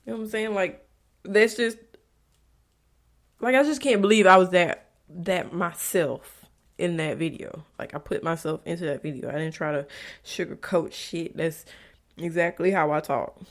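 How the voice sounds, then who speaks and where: A young adult woman hosts her own podcast, speaking candidly and bluntly about her life in a lowish voice at normal speed. Her confessional monologue is full of profanity, and at times she drops to a soft whisper.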